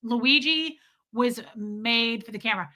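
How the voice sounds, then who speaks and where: A young woman co-hosting a casual livestream chat, telling stories with gushing, animated energy. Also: a little high, measured pace, rough recording. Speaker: co-host.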